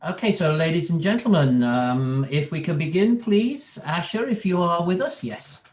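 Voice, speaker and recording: Higher-pitched man running the reading. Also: animated, roomy sound, distant mic. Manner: brisk, polite announcements. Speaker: organizer of the reading. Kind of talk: casual chat. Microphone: video call.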